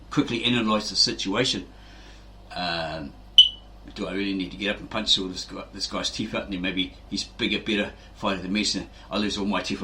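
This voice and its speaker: With slight background noise behind it, a fairly low-pitched man's voice comes across pushed and bright. This fitness channel host rambles in a casual explanation, tags his lines with "right?", and acts out quotes.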